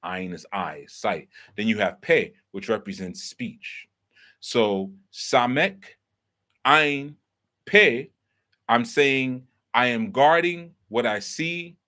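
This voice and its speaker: A man's voice: medium pitch, animated, slow pace, bright, forceful tone. A man hosting a talk and teaching in a casual, explaining way, posing rhetorical questions and checking in with the listener. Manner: lecturing, asks rhetorical questions, checks in with "right?". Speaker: host and teacher.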